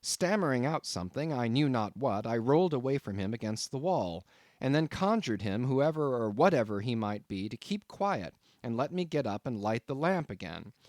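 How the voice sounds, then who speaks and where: Brief: male narrator, classic novel, animated delivery, medium pitch. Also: normal speed, no room sound, clean studio sound. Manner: expressive classic-novel reading. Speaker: audiobook narrator. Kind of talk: scripted narration.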